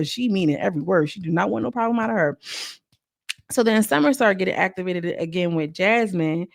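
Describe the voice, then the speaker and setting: Chatty woman with a gravelly voice. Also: medium pitch, lively intonation, a little fast, no room sound, clean studio sound. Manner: chatty, slangy, quotes cast members in mocking voices. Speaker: reality show recap vlogger. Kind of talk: casual recap commentary.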